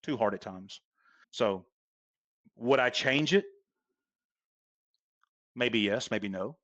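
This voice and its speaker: A man's voice: medium pitch, slow, a bit bright, no room sound, lo-fi sound. Emphatic man, blunt and repetitive. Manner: emphatic, repeats points for stress. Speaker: golf instructor, podcast guest. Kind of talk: casual podcast interview.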